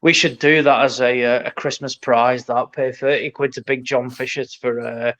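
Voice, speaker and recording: A man's voice: mid-range voice, steady tone, normal speed, fairly bright tone. A man hosting a casual boxing podcast, blunt and sweary as he runs through nominations. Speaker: podcast host.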